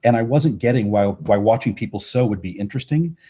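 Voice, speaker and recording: Middle aged guy on a podcast, low husky voice, easygoing stories. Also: brisk. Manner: relaxed anecdotal storytelling. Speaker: podcast guest, TV executive. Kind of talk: interview answers.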